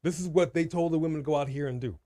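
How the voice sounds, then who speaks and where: A man's voice: a little high, racing, dark tone, no room sound, clean studio sound. A man co-hosting a casual live watch-party stream, ranting emphatically and repeating his points. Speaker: co-host.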